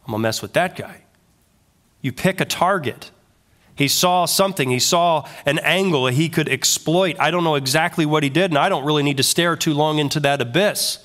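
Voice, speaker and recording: A male pastor preaching a sermon in an animated way, full of rhetorical questions. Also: fairly high pitch, moderate pace.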